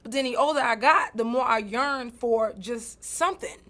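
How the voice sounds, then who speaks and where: A woman's voice: a little high, normal speed. A woman, telling stories as a guest in a casual interview. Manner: animated, swings from quiet to loud, laughs while telling.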